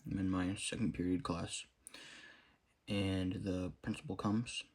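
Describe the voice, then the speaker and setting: A young man quietly recounting a personal story, halting with many fillers and restarts. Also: low voice, fairly even intonation. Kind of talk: storytelling monologue.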